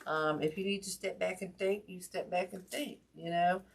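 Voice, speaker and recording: A woman's voice: fairly low pitch, steady tone, normal speed, creaky, husky. A woman hosting a casual wreath-making livestream, folksy and chatty with lots of ums, greeting viewers by name while her hurt hand aches.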